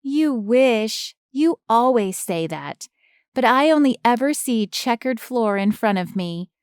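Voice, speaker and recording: A cheeky nine-year-old girl, smug and playful, her voice bouncing high and light, as a woman narrator puts her on. She sounds smooth and close, with no room around her. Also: expressive, slow, darkish tone, dry recording. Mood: teasing. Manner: teasing, bouncy kid voice.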